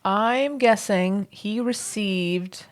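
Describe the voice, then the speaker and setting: A woman co-hosting a casual podcast, trading dry, deadpan quips with her co-host. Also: medium pitch, very slow.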